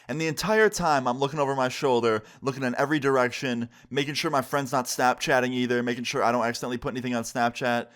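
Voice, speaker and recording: Young male vlogger, casual story time, mid-pitched voice, animated when quoting people. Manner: conversational, acts out quotes with pitch jumps. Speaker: YouTuber telling a story time.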